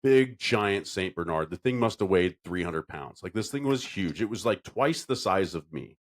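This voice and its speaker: Guy on a podcast, low voice but swings all over, goofy storyteller. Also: normal speed. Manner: animated storyteller, jumps into a high falsetto for silly voices. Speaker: podcast co-host. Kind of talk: casual chat.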